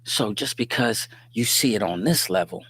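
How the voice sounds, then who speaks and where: A man with a lowish voice hosts a livestream and talks faith in an easy, conversational way. He mixes street slang with sermon-like points and keeps checking that his listeners are following. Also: expressive, moderate pace, a bit bright, slightly rough. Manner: conversational and preachy, often asks "you dig what I'm saying"; streetwise slang, joking asides with laughter. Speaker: livestream host. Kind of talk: casual faith-based livestream talk. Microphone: livestream microphone.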